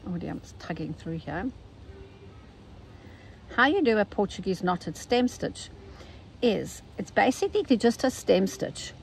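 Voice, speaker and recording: A woman's voice: mid-range voice, expressive, measured pace, vocal fry, pauses often, slight background noise, low-quality recording. South African woman teaching embroidery. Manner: chatty, gentle step-by-step instruction. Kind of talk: casual stitching tutorial.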